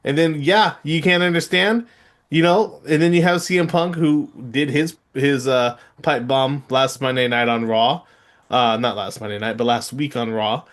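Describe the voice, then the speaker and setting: A middle-aged man co-hosting a podcast, arguing hotly and incredulously, his voice jumping up in loud outbursts. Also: mid-range voice, moderate pace. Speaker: podcast co-host. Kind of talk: heated casual podcast debate.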